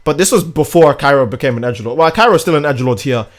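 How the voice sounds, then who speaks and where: A man's voice: on the high side, expressive, quick pace. A young man streaming a game, chatting casually in a rambling, crude, joking way. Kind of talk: casual livestream chat while gaming.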